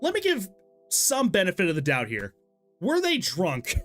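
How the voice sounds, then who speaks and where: Lively high-voiced young man streaming games. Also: normal speed, faint music behind. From Texas, USA. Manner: chatty, laughs often, exclaims in disbelief. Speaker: game streamer. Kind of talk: casual live-stream commentary while gaming and reading chat.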